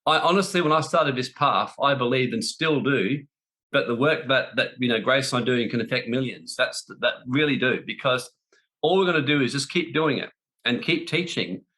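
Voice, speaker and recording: Bright-voiced blunt male spiritual teacher. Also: mid-range voice, normal speed. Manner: blunt, emphatic, repeats for stress. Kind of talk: spiritual talk.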